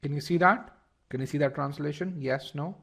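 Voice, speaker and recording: A man's voice: a little high, fairly quick, creaky, fairly bright tone, breathy edge. A man teaching a live online test-prep lesson, explaining step by step, often repeating words and asking the class to check they follow.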